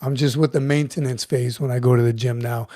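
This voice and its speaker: A man's voice: medium pitch, fairly even intonation, a little fast, warm tone, dry recording, studio quality. A middle-aged man hosting a casual livestream, chatting easily, chuckling and greeting viewers by name. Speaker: livestream host, retired Marine sergeant major. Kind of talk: casual livestream chat reading comments.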